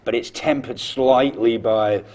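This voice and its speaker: A man's voice: medium pitch, steady tone, a little slow, darkish tone. A man, a comedian guest, chatting in a rambling way with lots of fillers. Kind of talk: casual chat.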